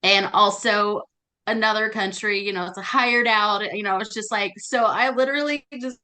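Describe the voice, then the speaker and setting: A woman in a casual group discussion, sharing animated anecdotes about work. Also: medium pitch, normal speed. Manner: animated storyteller. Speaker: notary meetup participant.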